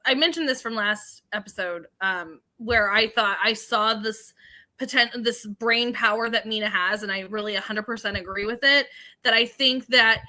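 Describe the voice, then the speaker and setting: Bright, animated woman co-host. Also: a little high, moderate pace. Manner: animated, laughs often, acts out quotes. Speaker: podcast co-host. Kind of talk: casual recap chat.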